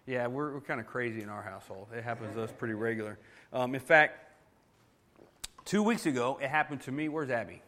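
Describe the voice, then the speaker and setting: A middle-aged pastor, telling a funny family story in a folksy, animated sermon and laughing as he goes. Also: medium pitch, a little fast.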